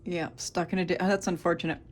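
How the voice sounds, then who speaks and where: Woman, 30s, lowish voice, rambling tarot reader talking to her viewers, faint hiss behind. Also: level tone, quick pace. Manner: chatty, rambling, thinks aloud with fillers. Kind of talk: casual tarot reading to camera.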